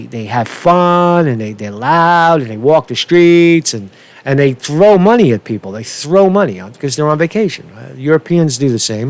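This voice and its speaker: A man ranting unscripted on a political commentary vlog, profane and rambling, with halting restarts, repeated words, and a constant "right?" tag. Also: mid-range voice. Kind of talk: unscripted rant.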